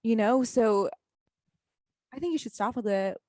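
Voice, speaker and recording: A woman's voice: on the high side, measured pace, mellow, no echo. A woman, hosting a podcast and encouraging her guest in casual chat. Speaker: podcast host.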